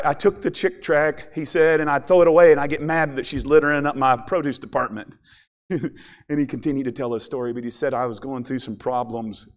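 A middle-aged man preaching a sermon, telling stories with big swings from shouting to quiet. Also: medium pitch. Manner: animated storytelling, swings from shouting to soft.

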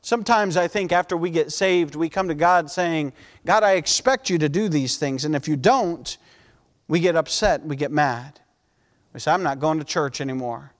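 A man preaching a sermon as pastor, fervent and pleading, at times dropping his voice to a soft, intense hush. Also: a little high, normal speed, long reverb tail.

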